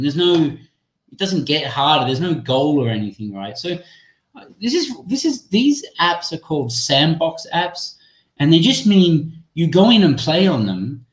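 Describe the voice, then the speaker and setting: Male webinar presenter, slightly high voice, casual and chatty, roomy echo on a computer mic. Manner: chatty, apologetic, thinking aloud while demoing an app. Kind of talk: live online teacher-training webinar. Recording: echoey room sound.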